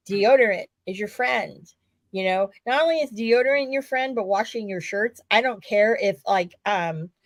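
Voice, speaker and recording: A woman co-hosting a casual wrestling talk show, rambling and animated, swearing now and then. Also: medium pitch, no room sound. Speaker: podcast co-host.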